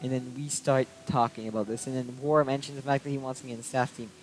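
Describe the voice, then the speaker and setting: Young man, casual vlog rant, aggrieved, swears a lot, mid pitch, soft music behind. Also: little pitch movement, quick pace, poor audio. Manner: aggrieved, ranting, swears freely. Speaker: vlogger. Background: soft background music.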